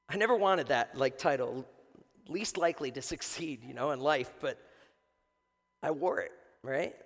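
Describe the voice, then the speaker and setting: A man preaching a sermon as pastor in a church, animated and conversational, stumbling and restarting as he builds his points. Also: fairly high pitch. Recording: long reverb in a large hall.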